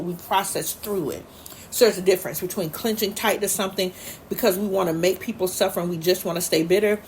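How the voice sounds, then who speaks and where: A woman's voice: on the low side, slight background noise. A woman hosting a podcast, telling personal stories in an earnest, looping, faith-filled way. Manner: earnest, storytelling, loops back and repeats. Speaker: podcast host. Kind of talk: personal faith-based talk.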